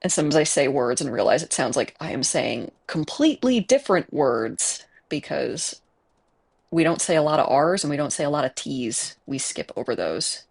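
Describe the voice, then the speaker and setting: Chicago-accent streamer rambling along while gaming, lots of um and like, bit of fry in the voice. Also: mid-range voice, expressive, moderate pace. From Midwest United States. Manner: rambling and chatty, with many fillers and self-aware laughs. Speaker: game streamer. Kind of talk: casual live-stream chat while gaming. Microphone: earbuds with a desk mic setup.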